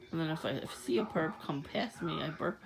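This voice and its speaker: Gravelly-voiced woman laughing through a rambling story. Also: low voice, poor audio. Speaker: vlogger. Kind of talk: casual monologue to camera. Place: outdoors at night.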